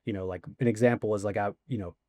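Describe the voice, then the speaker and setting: A man's voice: fairly low pitch, fairly even intonation, quick pace, warm tone, dry recording, studio quality. A man in his forties, a guest in a casual interview, telling rambling anecdotes full of fillers. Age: 40s.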